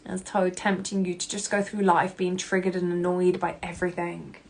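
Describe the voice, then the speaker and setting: A woman hosting a personal self-help podcast, candid and expressive. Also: fairly low pitch, normal speed, vocal fry. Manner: candid and expressive, swearing casually, acting out her own past reactions. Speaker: podcast host.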